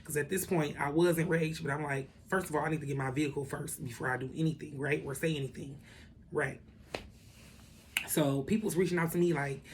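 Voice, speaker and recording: A woman telling a story in a casual vlog, animated and profane, with lots of asides to the viewers. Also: deep voice, a little fast, slight background noise. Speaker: vlogger.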